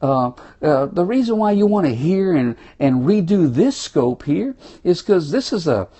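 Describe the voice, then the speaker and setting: Cajun guy from south louisiana hyping his viewers on a phone stream, mellow voice, folksy and loud about it. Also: on the high side, sing-song, a little slow. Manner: folksy, exuberant, talks straight to viewers. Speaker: motivational speaker. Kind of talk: live-streamed motivational talk. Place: indoors, small room.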